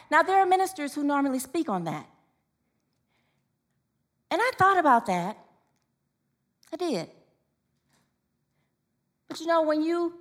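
Woman minister, high bright voice, conversational sermon with laughs and stories. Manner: chatty, laughing, animated storytelling. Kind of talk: informal sermon with anecdotes.

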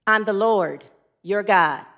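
A woman voicing God as a booming, calm, commanding presence. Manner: slow, deep and commanding.

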